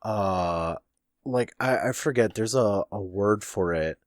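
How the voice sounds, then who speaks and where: A man's voice: fairly low pitch, slow, no echo, clean studio sound. A young man co-hosting a podcast in casual chat, laid-back and swearing freely, trailing off and restarting his sentences. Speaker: podcast co-host.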